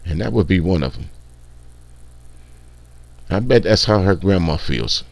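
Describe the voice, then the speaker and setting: A man's voice: sits low, animated, measured pace, no room sound. A man hosting casual reaction commentary, blunt, profane and mocking. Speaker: commentary channel host.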